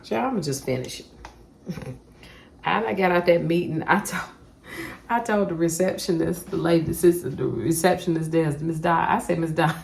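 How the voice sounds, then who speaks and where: A woman's voice: lowish voice, normal speed, vocal fry, pauses often, a little mellow. A woman vlogging casually about her day, chatty and folksy, calling her viewers honey and child. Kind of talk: casual day-in-the-life vlog.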